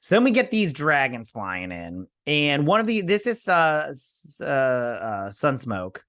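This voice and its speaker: A man hosts a casual TV review, retelling scenes in slangy, filler-heavy talk and tossing off the characters' lines as he goes. His pitch swings widely. The sound is dry and close. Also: sing-song, a little slow, a bit bright, no echo. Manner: loose and slangy, with many fillers. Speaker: host of a TV review show. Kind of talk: casual episode recap and review.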